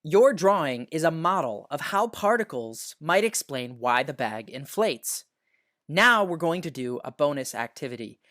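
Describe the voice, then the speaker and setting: Teacher narrating a science lesson, voice swings up and down a lot, slows right down on the big words. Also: medium pitch, sing-song, a bit bright. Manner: patient, explanatory, slows down to stress key words.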